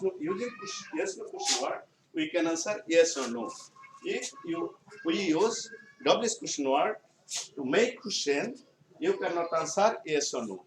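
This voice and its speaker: A male teacher with a Bangladeshi English accent giving a classroom grammar lesson, speaking slowly and repeating his phrases. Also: on the high side. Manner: slow, repetitive explaining, often restating phrases. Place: school classroom. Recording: echoey room, far mic, noisy background.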